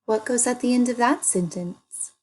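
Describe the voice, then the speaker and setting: A woman teaching an early reading lesson, speaking slowly and sounding out words for young children. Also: on the high side, a little mellow, husky.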